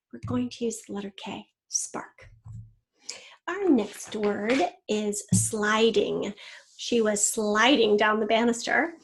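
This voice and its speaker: A woman's voice: medium pitch, creaky. A woman teacher giving a recorded spelling lesson to young children, walking through each rule step by step and stretching out the words she wants spelled. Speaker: third grade teacher.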